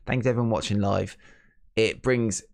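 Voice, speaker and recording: A man hosting a podcast, chatting warmly and enthusiastically, thanking his guests and community. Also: fairly low pitch, steady tone, normal speed, vocal fry. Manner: chatty, enthusiastic, uses 'mate' and 'brother'. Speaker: podcast host. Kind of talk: casual chat.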